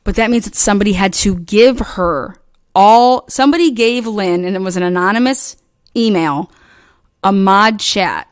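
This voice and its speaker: A woman casually recounting online drama in a rambling, profane way, acting out quoted lines in animated bursts. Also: medium pitch, moderate pace, no room sound, studio quality. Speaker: online commentator.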